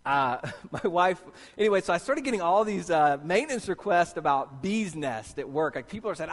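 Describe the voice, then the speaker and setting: A man's voice: on the high side, expressive, a little fast. A man preaching a sermon, telling a personal story animatedly and acting out his own reactions. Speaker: pastor. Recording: long reverb of a hall.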